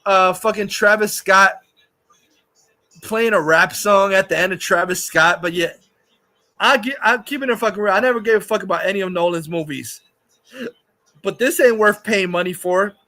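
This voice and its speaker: Casting: high, bright male streamer, crude rambling rant, frequent laughs. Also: moderate pace, long pauses. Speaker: streamer host. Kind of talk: casual livestream rant.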